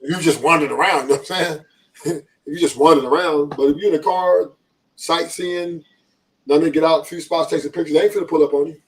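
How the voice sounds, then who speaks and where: A man's voice: on the high side, fairly even intonation, fast talker, distant mic. A man with a Los Angeles accent, a podcast guest talking casually in a streetwise, emphatic way and often repeating himself.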